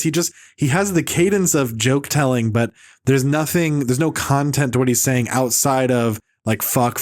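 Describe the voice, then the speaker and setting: A man hosting a podcast in casual chat, ranting with mocking impressions, swearing and quick laughs. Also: mid-range voice. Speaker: podcast host.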